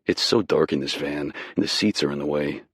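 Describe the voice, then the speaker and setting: A man narrating a romance audiobook in the first person, with a slow, intimate, low-key delivery. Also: breathy edge, no echo, studio quality.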